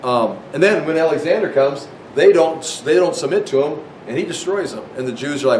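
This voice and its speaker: A man's voice: animated, a little fast, hardly any pauses, darkish tone, recorded from a distance. A man giving an informal Bible history lecture, talking conversationally with frequent restarts and acting out quoted voices. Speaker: Bible teacher. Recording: echoey room with faint rumble.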